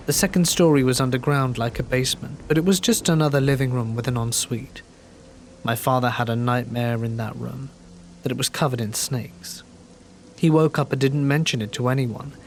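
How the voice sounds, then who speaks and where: Calm man narrating horror stories. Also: medium pitch, a little hiss or hum. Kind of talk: scripted horror story narration.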